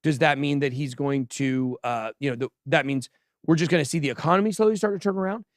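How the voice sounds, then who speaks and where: Man, livestream host, boastful joking banter, slightly high voice, dry close sound. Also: quick pace, no echo. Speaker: host of a crypto news livestream. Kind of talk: casual livestream commentary.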